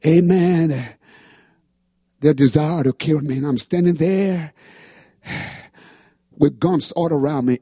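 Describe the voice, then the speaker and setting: A man preaching a sermon testimony with impassioned delivery that rises to shouts. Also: on the high side, breathy edge, dry recording, studio quality. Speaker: pastor.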